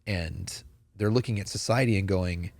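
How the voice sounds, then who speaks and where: A man's voice: low-pitched, normal speed, creaky, a little mellow, dry recording. A man in casual conversation on a church podcast, talking earnestly and telling stories with many fillers.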